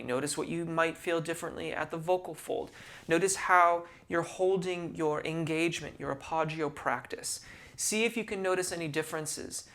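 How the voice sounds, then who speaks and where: A man teaching singing, explaining vocal technique in a measured, patient way and using technical singing terms. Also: fairly high pitch, creaky, fairly bright tone.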